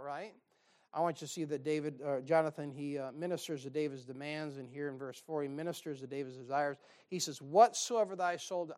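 A man preaches from the pulpit. His delivery is folksy and conversational, full of quick asides and homespun jokes between the scripture readings. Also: a little high, darkish tone. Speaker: pastor. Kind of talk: sermon.

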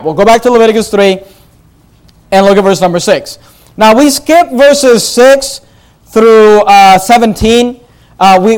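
High-voiced man teaching through Bible verses. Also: clean tone, low-quality recording. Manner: repeats words and restarts, reads scripture aloud, directs listeners to underline. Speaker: preacher.

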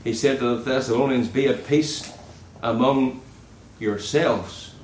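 A man's voice: unhurried, slight background noise. Earnest preacher man in an echoey hall. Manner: earnest, drops low and soft on key words. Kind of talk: sermon.

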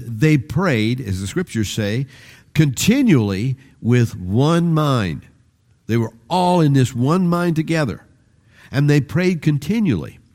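Older male pastor, warm low-bright tone, chatty sermon delivery with shifting emphasis. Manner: rambling, conversational, with restarts and varied emphasis.

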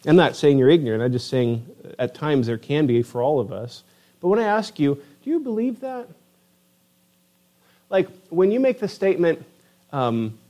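A man preaching a sermon with a slightly high voice. He delivers it in an animated, emphatic way and keeps putting rhetorical questions to his listeners. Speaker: pastor.

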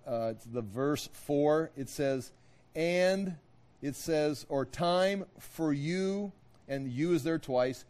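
A man's voice: a little high, a little mellow. Folksy male Bible teacher. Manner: folksy, conversational retelling with modern asides; stops often to explain Hebrew words.

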